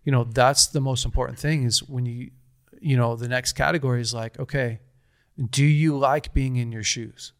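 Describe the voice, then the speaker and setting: A man's voice: mid-range voice, fairly even intonation, moderate pace, no room sound, clean studio sound. A man in his thirties telling a personal story in casual conversation, earnest and rambling, with frequent restarts.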